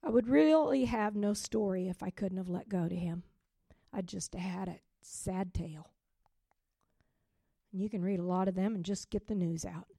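A middle-aged woman pastor giving an emotional testimony sermon, dropping to soft whispers and rising to loud joyful outbursts. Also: mid-range voice, normal speed, gravelly, no echo, studio quality.

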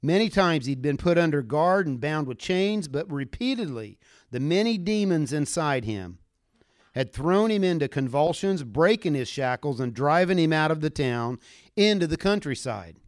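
A male preacher telling a scripture story with a lot of energy, and his pitch sits a little above most men's. The sound is dry and close with no room echo, and he slips into character voices for the quotes. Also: expressive, moderate pace. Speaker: pastor. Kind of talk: sermon.

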